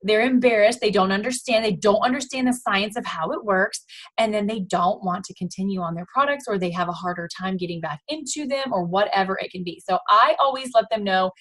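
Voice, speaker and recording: A young adult woman coaching her sales team in an upbeat, animated way, acting out chats with customers. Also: medium pitch, brisk, poor audio. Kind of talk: training talk to a sales team.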